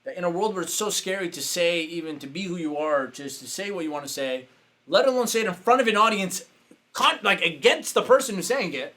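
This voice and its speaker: Brief: male coach, slightly raised pitch, animated anecdote teller with lively quoted voices. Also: fairly quick. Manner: animated, acts out quotes with sudden pitch jumps. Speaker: business coach. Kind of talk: casual storytelling.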